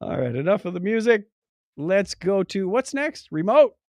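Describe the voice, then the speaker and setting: Male podcast host, animated and playful, slightly high voice, dry studio. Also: vocal fry, dry recording. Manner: jokey, animated, rattles off lists quickly. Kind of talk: casual chat.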